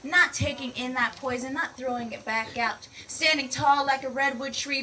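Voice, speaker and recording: Female educator, high and bubbly, big exclamations for a class of kids; distant outdoor recording with noise. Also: a little slow, sharp tone. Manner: exuberant, exclamatory, calls the kids "my people" and "y'all". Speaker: peace educator teaching children. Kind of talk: enthusiastic classroom lesson.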